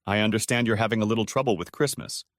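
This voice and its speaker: A man's voice: on the low side, fast, dry recording, clean studio sound, natural voice. A man voicing a genial old-west cowboy ghost judge with a folksy, courteous Texas drawl.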